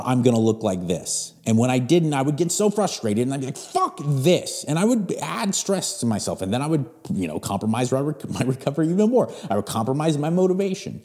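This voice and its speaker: Man in his forties, blunt motivational podcast host, swings his pitch widely, mellow dark tone. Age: 40s. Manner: blunt, emphatic, swears freely. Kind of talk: motivational monologue.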